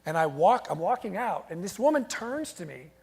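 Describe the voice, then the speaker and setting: A man delivers a motivational keynote on stage, with a fairly high and energetic voice. He tells stories and calls on the crowd to answer back. His voice rings out with the long reverb of a large event hall. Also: normal speed, vocal fry, husky. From United States. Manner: energetic, storytelling, engages the crowd with call-and-response. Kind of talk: live motivational keynote to an audience. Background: audience responding and laughing.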